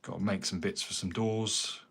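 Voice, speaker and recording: A man's voice: on the low side, steady tone, normal speed, vocal fry, a bit bright, slightly rough. A man with an English accent, rambling in casual livestream chat as a carpenter answering viewer comments. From England. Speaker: carpenter streaming live.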